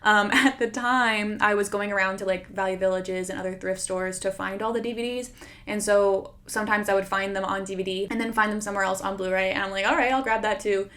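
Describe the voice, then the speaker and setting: A woman's voice: medium pitch, fairly even intonation, brisk, a bit bright. A woman YouTuber giving casual, self-deprecating commentary while reacting to her own old video, chatty with lots of fillers.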